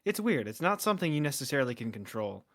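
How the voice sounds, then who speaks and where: A man's voice: medium pitch, sing-song, fast, fairly bright tone. A man who casts esports, chatting casually and at length, with lots of fillers and restarts. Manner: talkative, filler-heavy with restarts. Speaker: esports caster. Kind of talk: casual chat.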